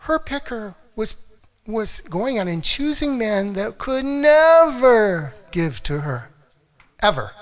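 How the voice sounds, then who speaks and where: This middle-aged relationship coach has a high-pitched voice, sitting a little above most men's, and speaks slowly. Addressing an audience in what sounds like a motivational talk, he tells stories with lots of energy, acting out quotes and moving from hushed moments to loud ones.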